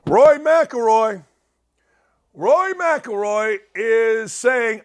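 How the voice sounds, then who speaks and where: A middle-aged man hosting a sports talk show, delivering a sarcastic, opinionated monologue with wide swings for emphasis. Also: extremely slow. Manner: sarcastic, animated, swings pitch widely for emphasis.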